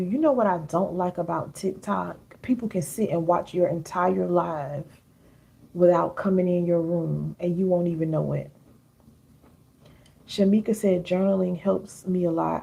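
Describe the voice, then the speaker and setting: Woman host, middle-aged, dark mellow tone with some rasp, talking casually to her live viewers. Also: lowish voice. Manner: chatty, reads viewer comments aloud, calls viewers baby and girl. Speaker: live-stream host and healing coach. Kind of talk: casual live-stream coaching talk.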